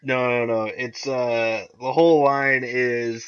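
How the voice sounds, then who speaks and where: A young man co-hosting a podcast in casual chat, excitedly recapping TV episodes and often laughing as he retells scenes. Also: mid-range voice, slow, clear, resonant tone. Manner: excitable, laughs often, acts out characters' lines. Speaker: podcast co-host. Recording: dull lo-fi recording.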